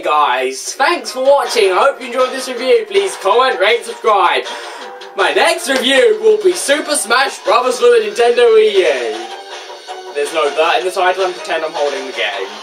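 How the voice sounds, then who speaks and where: A woman's voice: medium pitch, a bit bright. Sarcastic ranting woman reviewing a game. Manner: rhetorical questions and exasperated asides. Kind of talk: casual video game review.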